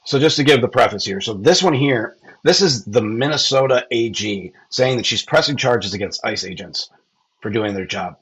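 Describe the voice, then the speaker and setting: Guy hosting a podcast, bright husky voice, blunt and rambly. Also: medium pitch, expressive, normal speed, low-quality recording. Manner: rambling, blunt and profane, with hesitations. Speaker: podcast host. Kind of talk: casual political commentary.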